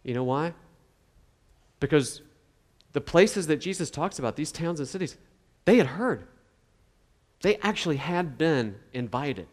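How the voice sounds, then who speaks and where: A man's voice: a little high, lively intonation, a little slow, pauses often, long reverb tail. A man preaching a sermon in a conversational way, now and then acting out the voices of the people he quotes. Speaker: pastor.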